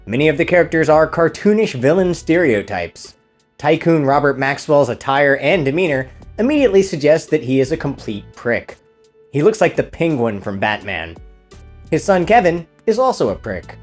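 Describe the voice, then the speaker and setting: A man narrating a scripted comedic film review with a dry, sarcastic delivery. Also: medium pitch.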